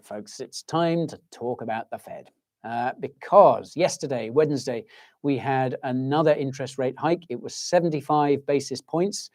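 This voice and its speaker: A man's voice: on the high side, a little mellow, no room sound, studio quality. A man hosting a casual livestream, chatting in a rambling way and calling his viewers folks. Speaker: livestream host.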